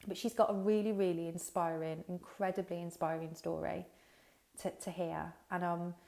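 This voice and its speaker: A woman's voice: lowish voice, level tone, normal speed, vocal fry, dark tone. A woman hosting a casual livestream chat, talking straight to her viewers in a chatty, swearing, unfiltered way over a headset mic. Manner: chatty, swears freely, talks to viewers directly. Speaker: business coach hosting a livestream. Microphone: headphones with mic.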